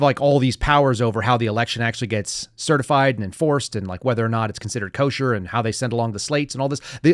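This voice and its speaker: A man's voice: mid-range voice, no room sound, clean studio sound. A man hosting a podcast, giving heated, sarcastic and profane political commentary. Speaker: podcast host.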